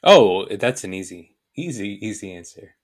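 A man talking as a podcast guest in casual chat, thoughtful and measured. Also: fairly low pitch, big pitch swings.

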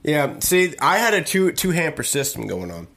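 A man's voice: a little high, big pitch swings, moderate pace, vocal fry, fairly bright tone. A man co-hosting a podcast in casual chat, joking and arguing his point. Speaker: podcast co-host.

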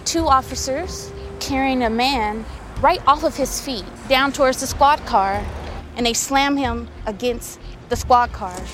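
A woman eyewitness giving personal testimony in a slow, shaken and heartfelt way. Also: sits high, fairly bright tone, a little hiss or hum. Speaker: eyewitness interviewee.

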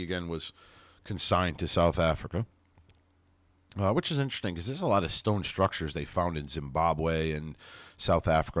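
A man's voice: deep voice, no room sound. A man hosting a podcast, reading an old text aloud and breaking off into casual, chatty commentary with mild swearing.

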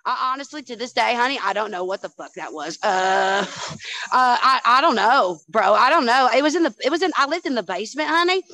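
A woman's voice: a little high, lively intonation, a little fast, bright, forceful tone, rough recording. A woman guest in a casual chat, telling stories with lots of swearing and calling the listener "honey" and "dude". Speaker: podcast guest.

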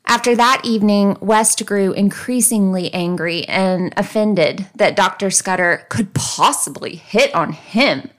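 Woman from the southern US, podcast host, true crime storytelling, mid-pitched, casual and wry. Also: measured pace, few pauses. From American South. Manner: conversational, reads facts then comments wryly.

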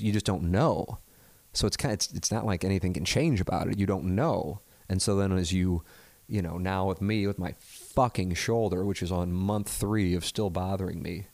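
Low gravelly man rambling candidly. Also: darkish tone, dry recording. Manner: hesitant and rambling, self-deprecating, swears freely. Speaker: podcast host. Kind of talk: candid reflective chat.

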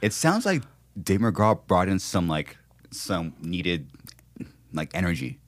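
A man hosting a podcast in casual conversation, jokey and quick to react, often laughing. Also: low-pitched, sing-song. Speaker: podcast host.

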